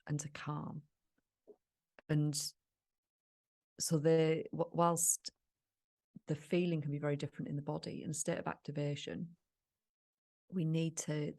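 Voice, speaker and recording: A woman's voice: low voice, mellow. A woman co-hosting a podcast, explaining ideas in a thoughtful, casual way with frequent restarts. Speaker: podcast co-host.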